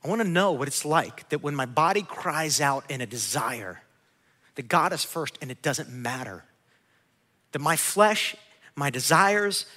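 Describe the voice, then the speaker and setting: A man preaching a sermon to his congregation as pastor, animated and acting out biblical figures in quick asides. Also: a little high. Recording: long hall reverb.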